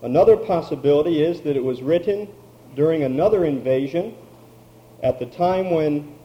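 A man preaching a sermon, slow and emphatic, drawing out key words. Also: on the high side, highs cut off. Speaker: pastor.

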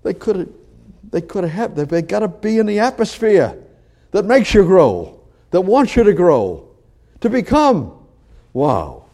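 A man delivers a conversational sermon in a mellow, relaxed voice that sits slightly high. He teaches in a halting cadence, restarting phrases and repeating key words. He pushes hard on emphatic lines and then drops to quiet asides. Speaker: preacher.

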